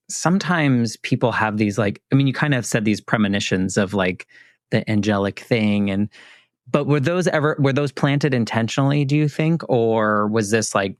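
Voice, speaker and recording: A man hosting a podcast, asking gentle questions and often restarting his sentences. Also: fairly low pitch, no echo, studio quality. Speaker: podcast host. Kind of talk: interview questions.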